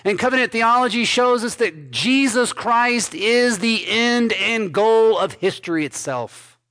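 A man pastor preaching an expository sermon, reading scripture aloud and commenting on it with emphatic stresses and quiet endings. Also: high voice, expressive, a little slow. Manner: emphatic preaching, swinging between loud stresses and dropped soft endings.

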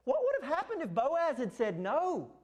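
A man preaching a sermon, lively and animated, acting out the words of the text. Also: normal speed, lo-fi sound. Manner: animated, acts out scripture quotes with rising pitch.

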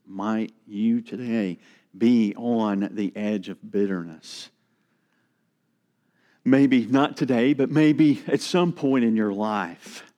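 A middle-aged man preaching a sermon, slow and earnest, dropping to a hush for emphasis. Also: on the low side, highs cut off. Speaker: pastor.

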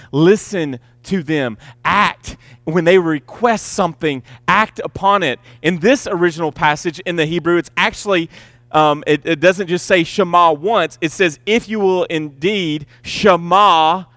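Male pastor, high-pitched, emphatic sermon delivery, dry recording. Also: fairly bright tone, no room sound. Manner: emphatic, repeats key words, slows to stress points.

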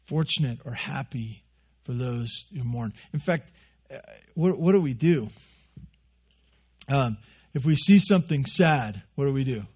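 A man's voice: medium pitch, lively intonation, measured pace, long pauses, a little mellow, husky, muffled recording. A man preaching a sermon as pastor, earnest, repeating his phrases and acting out what his listeners say.

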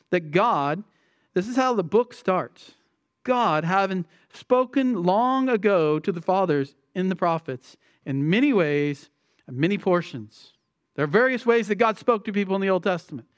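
Guy preaching a sermon, pretty high voice, keeps repeating himself for emphasis, dry close sound. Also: animated, normal speed, smooth, dry recording. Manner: emphatic, repeats key phrases, asks rhetorical questions. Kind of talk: expository sermon.

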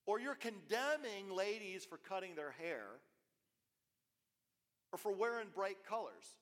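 A man preaching a sermon as pastor, animated and repetitive, dropping suddenly soft between louder phrases. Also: high-pitched, measured pace, pauses often. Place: church. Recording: long reverb of a church hall.

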